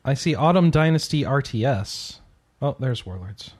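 A man's voice: medium pitch, animated, normal speed. A man co-hosting a podcast who chats casually about games, asking curious follow-up questions. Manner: curious, asks follow-up questions, laughs easily. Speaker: podcast co-host. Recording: noisy podcast audio.

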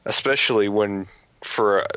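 A man co-hosting a casual podcast, speaking in a halting, hesitant way. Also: fairly low pitch, fairly bright tone, clear, resonant tone, dry recording. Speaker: podcast co-host. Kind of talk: casual chat.

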